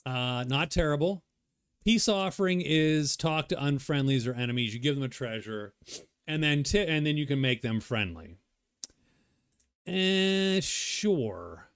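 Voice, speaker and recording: A man's voice: on the high side, expressive, measured pace, clear, resonant tone, dry recording, clean studio sound. A man thinking aloud as he plays a solo board game, rambling and muttering to himself. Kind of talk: casual solo playthrough commentary.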